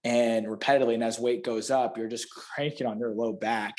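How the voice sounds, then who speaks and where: A man with a Florida panhandle accent chats easily as a podcast guest, medium-pitched. He explains training cues with vivid images and laughs often. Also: steady tone, normal speed, darkish tone. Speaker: guest, fitness clinician. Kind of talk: casual podcast chat.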